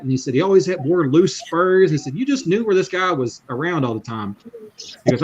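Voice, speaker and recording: A man's voice: on the high side, lively intonation, fairly quick, breathy edge, dull audio. Easygoing man telling shop stories. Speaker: YouTube mechanic, guest on livestream. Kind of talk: casual livestream chat.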